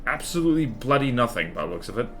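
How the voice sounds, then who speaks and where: Male streamer, rambling chatty commentary, answers chat, animated intonation. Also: medium pitch, quick pace, slight background noise. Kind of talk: casual live-stream commentary while playing.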